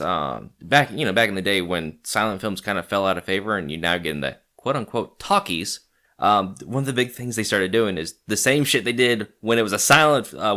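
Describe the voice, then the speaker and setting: A man's voice: lowish voice, sharp tone. A man co-hosting a podcast in casual chat, joking, swearing and laughing often. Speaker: podcast co-host.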